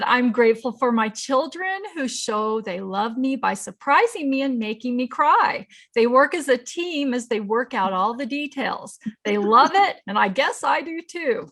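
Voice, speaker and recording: A woman in her fifties hosting a casual chat, reading tributes aloud and laughing often. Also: a little high. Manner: warm-hearted, laughs often, easily moved. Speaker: host.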